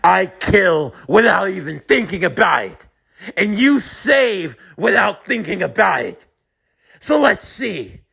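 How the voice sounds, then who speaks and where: A man putting on a sadistic curse villain from a fan-made audio drama, his voice pitched well above normal speech, mocking and sing-song as he taunts. Each sneer is drawn out and lively, with a gravelly edge underneath. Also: slow, heavily acted. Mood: menacing.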